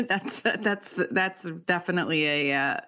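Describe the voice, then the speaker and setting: A woman interviewer with a low-pitched but sharp, bright tone. She chats loosely, laughs a lot and lets her sentences trail off. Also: measured pace. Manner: chatty, laughs often, trails off mid-sentence. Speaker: podcast host. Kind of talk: casual interview chat.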